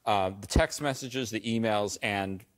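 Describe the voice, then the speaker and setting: A man commenting on a television news panel, laying out his points one by one in a measured way. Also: lowish voice. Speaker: political commentator. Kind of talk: panel discussion.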